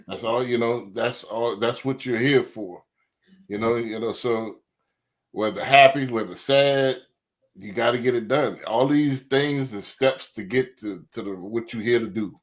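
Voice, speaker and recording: A man's voice: medium pitch, measured pace. A man in a casual chat, talking loosely and thoughtfully with many fillers.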